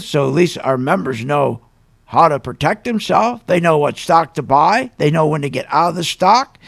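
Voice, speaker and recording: Man, radio host, gravelly voice, pitched a bit high, ranting, emphatic. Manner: ranting, emphatic, sarcastic asides. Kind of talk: opinionated radio monologue.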